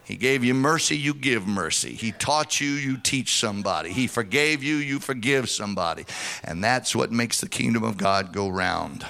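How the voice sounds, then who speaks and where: A man's voice: mid-range voice, expressive, normal speed, gravelly, sharp tone. A middle-aged man preaching a sermon as pastor, fervent and sing-song, calling out to the congregation.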